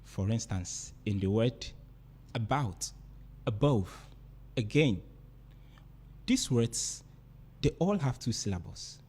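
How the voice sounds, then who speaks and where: A man's voice: fairly low pitch, sing-song, unhurried, dark tone. A man teaching a literature lesson, explaining step by step and repeating and rephrasing his points. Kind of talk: explanatory lecture.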